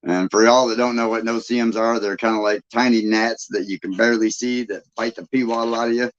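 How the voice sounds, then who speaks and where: A man's voice: mid-range voice, steady tone, brisk. A man from Michigan hosting a live stream, chatting casually and folksily with viewers and laughing often. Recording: dull lo-fi sound.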